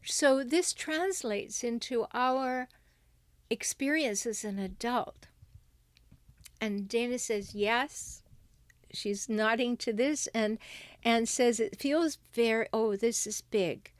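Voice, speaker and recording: Middle-aged woman, livestream advice host, emphatic, higher voice, dry close sound. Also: takes it slowly, no echo. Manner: warm, emphatic, reads viewer comments aloud.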